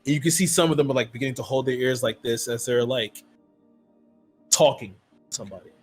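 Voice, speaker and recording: A man's voice: mid-range voice, a little fast, husky, soft background music. Rambling man running a tabletop game. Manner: rambling, full of "like" and "um" fillers. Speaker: game master.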